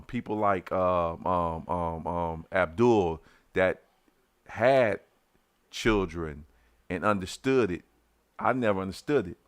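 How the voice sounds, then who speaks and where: A middle-aged man with a Detroit accent and a low voice tells a personal story on a podcast, heated and casual. He restarts sentences, swears, and loudly acts out what people said, in a dry, clean studio recording.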